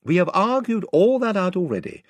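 A man voicing a friendly young king who speaks in a brisk, gently commanding way. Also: high-pitched, sing-song, no room sound, voice pushed up. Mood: kindly.

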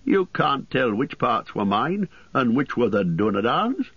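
A brisk, chatty old hobbit poet with a teasing edge, as a male audiobook reader puts him on. He jumps up and down in pitch as he talks. The storybook recording is dry and a little dull. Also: very animated, breathy edge, no room sound. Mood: indignant. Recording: dry, slightly muffled studio audio.

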